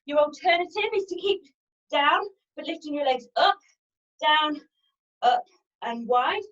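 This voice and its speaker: High-voiced fitness instructor, out of breath. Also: female voice, expressive, unhurried, a bit bright, highs cut off. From England. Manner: upbeat, encouraging, counts out reps. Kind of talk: live workout instruction.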